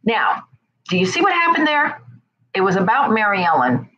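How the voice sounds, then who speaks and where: Lively woman giving life advice. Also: mid-range voice, moderate pace, muffled recording. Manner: animated, acts out quoted voices; talks straight to the listener with frequent "right?". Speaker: self-help speaker. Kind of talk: conversational talk.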